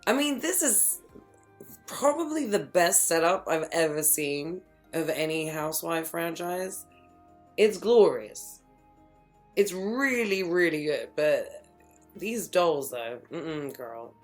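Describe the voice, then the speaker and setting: Woman, low-pitched, gossipy and animated TV recapper, faint music bed. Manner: animated, gossipy, quick asides, laughs often. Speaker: reality TV recap vlogger. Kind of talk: casual chat.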